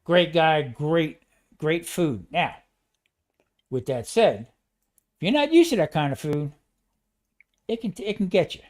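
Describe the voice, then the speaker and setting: A man rambles through stories in casual chat, jumping in excitedly and restarting his sentences. His voice sits a touch higher than most men's. He talks like a retired chef swapping tales with friends. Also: measured pace, pauses often.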